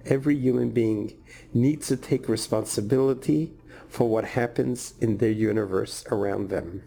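A man voicing a humble restaurant manager who apologizes softly and speaks earnestly. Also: medium pitch, moderate pace, vocal fry, pitched below the performer's own voice. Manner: soft, contrite, earnest.

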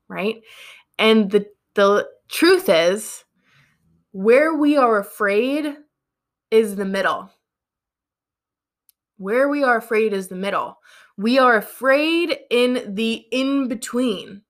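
Woman coach, casual motivational talk, chatty and self-deprecating. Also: mid-range voice. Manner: chatty, animated, self-deprecating, many fillers. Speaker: business coach.

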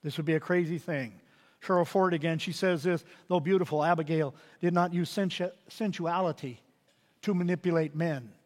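High-voiced preacher in a reverberant hall. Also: male voice, moderate pace. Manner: rises to loud emphatic peaks, drops to quiet asides. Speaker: pastor. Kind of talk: sermon.

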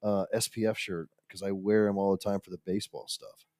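A man's voice: low voice, fairly even intonation, fairly quick, a little mellow, dry recording. A man in his forties chatting easily on a podcast, chatty and meandering. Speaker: podcast guest. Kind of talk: casual chat. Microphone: studio mic.

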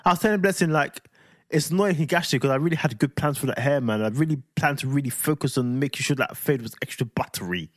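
A man from London with a London accent, co-hosting a parenting podcast in animated, slangy casual chat. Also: medium pitch, quick pace, no echo, studio quality. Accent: London English. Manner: animated storyteller, slangy banter. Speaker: podcast co-host, father.

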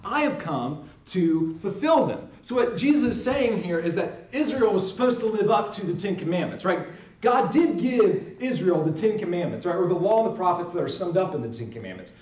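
A man with a fairly high voice gives an earnest, emphatic teaching. He keeps checking in with his listeners. The sound is roomy and echoing, and the mic sits some way off from him. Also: animated, a little fast, a little mellow, far from the mic. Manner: earnest, emphatic, tag question "right?".

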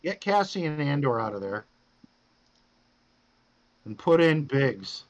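A man's voice: a little high, big pitch swings, takes it slowly, muffled recording. A man hosting a podcast, casually coaching a guest through his game with loose, profane instructions. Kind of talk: casual chat.

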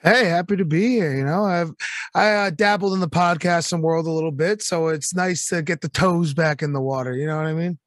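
A man's voice: a little high, fairly quick, dry recording, studio quality. A man telling stories as a guest in a casual podcast chat, laid-back and joking.

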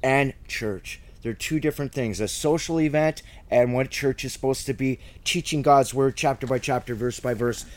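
A man's voice: medium pitch, normal speed, hardly any pauses. A man teaching the Bible verse by verse in fervent, conversational preaching, at times choked up with emotion.

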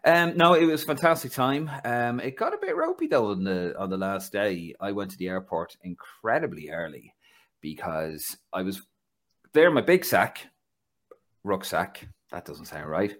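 A Dublin Irish man hosting a football podcast, spinning anecdotes in a chatty, laughing way. His voice sits fairly low but swings all over the place as he tells a story. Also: sing-song, moderate pace, a bit bright. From Ireland. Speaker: podcast host. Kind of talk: casual podcast chat.

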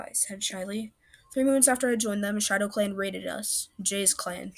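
A young woman reading her own cat story aloud in first person, earnest and slightly halting. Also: medium pitch.

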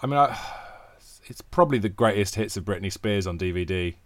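Self-mocking posh Welshman, low and dry. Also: very animated, fairly quick, no room sound. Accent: posh English-leaning, faint Welsh border. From South Wales, near the English border. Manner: self-mocking, jokey, rambling with restarts. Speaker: actor and comedian guest. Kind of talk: casual interview chat.

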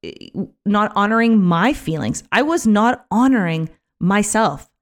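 A woman talking casually on her own podcast, chatty and animated, with many fillers and restarts, sometimes acting out other people's voices. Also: medium pitch, measured pace. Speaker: podcast host. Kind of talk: casual solo podcast talk.

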